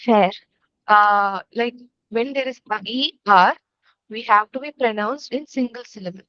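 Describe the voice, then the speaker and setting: A woman student gives tentative answers in an online lesson. Her voice sits a little high and sounds dry and dull over the call. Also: measured pace, no room sound.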